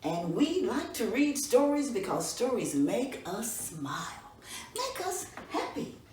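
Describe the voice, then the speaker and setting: A woman storyteller narrating a folk tale for children in an expressive, folksy way. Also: a little high, slow pace. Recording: roomy echo from a distance, faint room noise.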